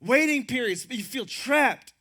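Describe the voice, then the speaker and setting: A man in his thirties leads a sermon as pastor in a notably high voice. His tone is bright and forceful, shifting between lively storytelling with quoted voices and a hushed, low reading of scripture. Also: a little slow. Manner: storytelling, acts out quoted voices, laughs often.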